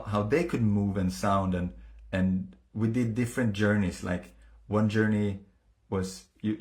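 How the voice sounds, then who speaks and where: A man telling a personal story in a casual, earnest way, halting often with fillers and restarts. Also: fairly low pitch.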